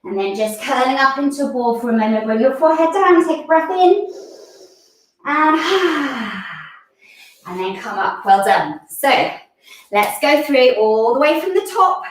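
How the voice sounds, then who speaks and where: A woman's voice: high-pitched, expressive, moderate pace, recorded from a distance, slight background noise. A woman leading a children's yoga lesson, giving encouraging instructions and singing counting verses, a little out of breath. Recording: echoey room, voice from away from the mic.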